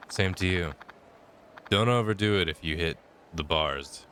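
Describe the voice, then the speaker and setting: A man reading the lines of a stoic, calm male hero in a low, deliberate voice. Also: slight background noise.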